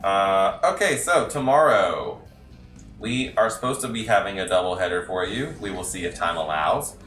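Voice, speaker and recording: A man hosting a board game live stream talks in a chatty, animated way, his pitch jumping around. His voice is bright, and the sound is roomy. He is picked up from a little way off the mic, with faint music under him. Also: moderate pace, distant mic. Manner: chatty, lively, wraps up with schedule news. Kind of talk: casual chat.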